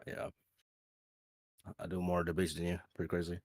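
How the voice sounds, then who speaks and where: Male caller, low and teasing, distant call audio. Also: completely flat delivery, moderate pace, a little mellow, no room sound. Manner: teasing, drawling, hesitant. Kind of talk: casual chat over a voice call.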